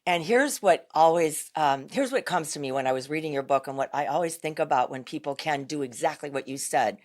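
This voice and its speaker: Low-voiced woman podcast host. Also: brisk. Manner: earnest and reflective, thinking aloud. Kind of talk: casual podcast conversation.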